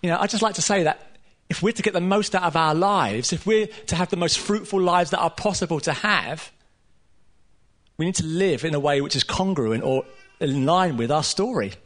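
A man preaching a sermon to a room of listeners, earnest and emphatic, with casual asides and pauses. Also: on the high side, a bit bright. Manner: casual asides with light laughter. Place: room with a live audience.

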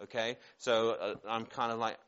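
A Northern Irish man in his forties preaches in a loose, chatty way, wandering off into self-deprecating jokes before finding his point again. His accent has softened from living in England. The recording sounds a little dull and muffled. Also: medium pitch, level tone, moderate pace, clear, resonant tone. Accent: Northern Irish, softened by years in England. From Northern Ireland. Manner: rambling and self-deprecating, joking asides. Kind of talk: informal sermon.

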